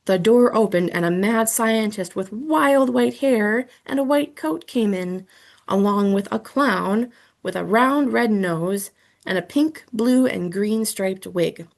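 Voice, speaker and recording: A woman's voice: medium pitch, lively intonation, slow, vocal fry. A woman reading a children's book aloud in the first person, telling the story with expression. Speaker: audiobook reader.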